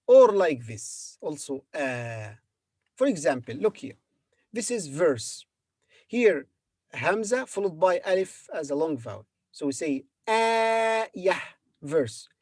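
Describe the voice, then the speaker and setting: A man teaching the alphabet in a slow, patient spoken lesson, repeating each word and pausing with fillers. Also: fairly high pitch, darkish tone, no echo, clean studio sound. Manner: patient, repeats words slowly with hesitant fillers. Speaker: Arabic teacher.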